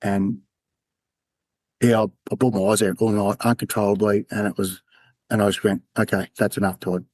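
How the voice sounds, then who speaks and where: Brief: Australian man as a podcast guest, low-pitched, halting candid storytelling, dry close mic. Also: little pitch movement, darkish tone, no echo. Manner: candid, halting, acts out quoted dialogue. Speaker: podcast guest, former undercover police officer. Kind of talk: personal storytelling in an interview.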